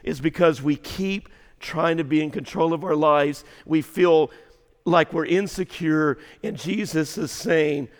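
A man preaching a sermon as pastor, moving between hushed storytelling and shouted emphasis in a large auditorium. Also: a little high, a little slow, in a large hall.

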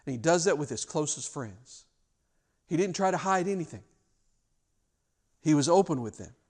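A man preaching a sermon as pastor, retelling a passage in an emphatic, animated way with frequent restarts. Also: a little high, moderate pace.

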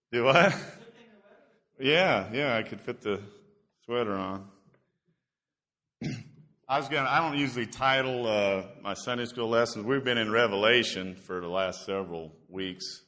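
Older man, guest preacher, low voice, bright tone, folksy, self-deprecating, church sanctuary. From Indiana. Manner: self-deprecating storyteller, many "uh" fillers. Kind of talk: folksy sermon opening.

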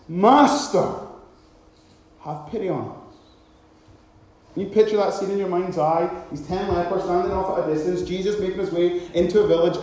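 High-voiced preacher in an echoey hall. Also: male voice. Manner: dramatic preaching, acting out shouted cries. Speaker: pastor. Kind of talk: sermon.

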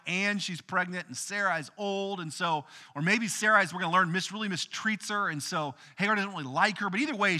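A man preaching a casual, animated sermon, retelling a Bible story in everyday words. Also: high-pitched, big-room sound. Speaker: pastor.

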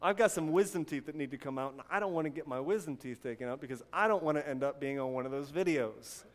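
A young man with a noticeably high voice delivers a sermon. He keeps it conversational, drifting into casual asides and rhetorical questions to keep listeners with him. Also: fast talker. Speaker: pastor.

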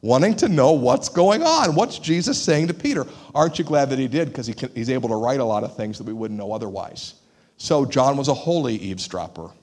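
A man preaching a sermon as pastor, in an animated, conversational way. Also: medium pitch, brisk. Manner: animated, conversational, acts out quoted voices.

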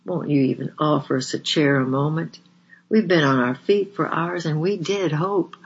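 A man voicing a soft-drawling Southern young woman. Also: on the high side, normal speed, vocal fry, breathy edge, muffled recording, voice pushed up. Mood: coaxing. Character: merry young woman missionary worker.

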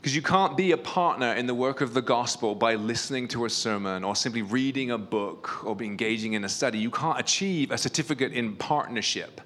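A man's voice: mid-range voice, brisk, hardly any pauses, fairly bright tone. A man giving a conversational sermon at a church retreat, telling personal stories with a self-deprecating, humorous touch and plenty of fillers. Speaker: pastor.

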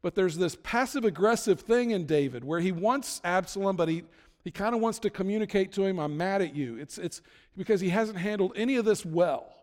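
A man with a high voice and a brisk pace shares a sermon story in a casual manner, acting out the characters' words from time to time. Long reverb from the hall trails behind him.

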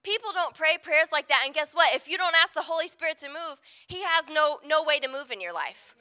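A woman's voice: sits high, lively intonation, a little fast, pushed and bright. A woman pastor giving a conversational sermon, often checking in with the congregation with asides like "right?".

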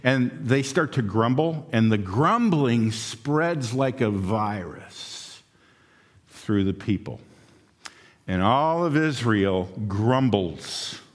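Unhurried preacher in an echoing hall. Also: male voice, fairly low pitch, animated. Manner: conversational storytelling, acts out quotes. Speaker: pastor. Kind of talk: sermon. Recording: long hall reverb.

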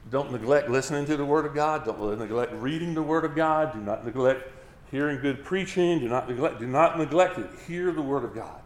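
A man's voice: mid-range voice, brisk, echoey room. A man preaching a sermon as a pastor, driving each point home with emphatic repetition.

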